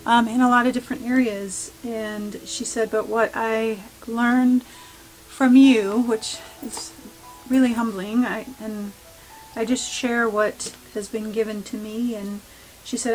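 A woman art vlogger talking casually and earnestly about her project, with many pauses and "um"s. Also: a little high, steady tone, soft background music, rough recording. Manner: warm, earnest, many "um"s, gets emotional. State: a little emotional. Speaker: mixed-media art vlogger. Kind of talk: casual art tutorial and heartfelt talk.

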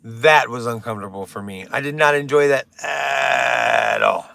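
A man's voice: medium pitch, measured pace, gravelly, pushed and bright, no room sound. A young man doing rambling stand-up on a live stream, swearing often and drifting into silly bits. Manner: rambling, swears a lot, breaks into silly songs.

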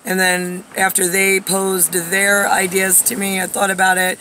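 A woman's voice: medium pitch, monotone, measured pace, pushed and bright, slight background noise. A woman in her forties talking straight to camera in a rambling personal monologue, wandering off topic with lots of fillers and getting heated enough to swear. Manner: digressive, many fillers, grows heated and swears. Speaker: vlogger.

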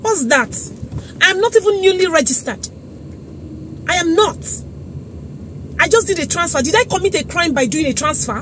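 A young Nigerian woman with a Nigerian accent, ranting angrily into her phone in an exasperated vlog outside a busy government office. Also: high-pitched. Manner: indignant, exasperated, repeating herself. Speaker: vlogger. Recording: crowd and traffic noise behind.

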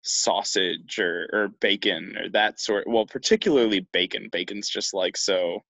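A young man co-hosting a podcast in casual chat, talking in a slow, halting way with many restarts. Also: low-pitched, creaky, fairly bright tone, no echo. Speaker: podcast co-host.

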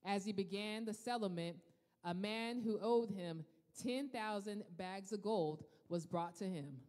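A woman reading scripture aloud at a church service in a steady, measured way. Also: mid-range voice, long reverb tail. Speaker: scripture reader. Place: church hall.

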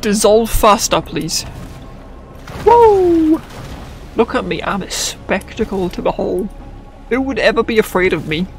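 Excitable young man narrating his gameplay. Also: high-pitched, measured pace, pauses often, faint music behind. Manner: excitable, goofy, swearing, talks to game characters. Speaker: gamer. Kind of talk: let's play commentary.

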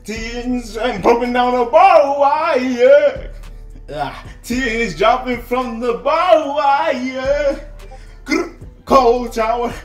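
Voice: mid-range voice, extremely slow, faint music behind. Rowdy laughing streamer in an echoey room. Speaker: karaoke performer and streamer. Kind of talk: excited chat in a voice chat room. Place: online voice chat room.

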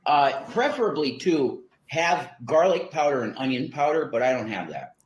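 A man's voice: a little high, big pitch swings, normal speed, a little hiss or hum. A man talking through a home recipe as he cooks, rambling with fillers and restarts. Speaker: home cook in a cooking video. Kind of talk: casual cooking demonstration. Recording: echoey room.

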